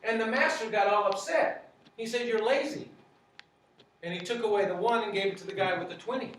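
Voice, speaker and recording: High-voiced man teaching in an echoey space. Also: fast talker, a bit bright, slight background noise. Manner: asks many rhetorical questions; repeats phrases. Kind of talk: teaching a group. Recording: very echoey, from far off.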